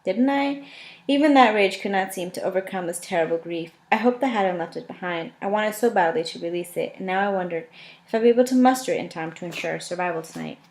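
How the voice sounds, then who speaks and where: A woman's voice: mid-range voice, fast, a little mellow. A woman reading a first-person novel aloud in a casual, unpolished way, correcting her own slips as she goes. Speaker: audiobook reader.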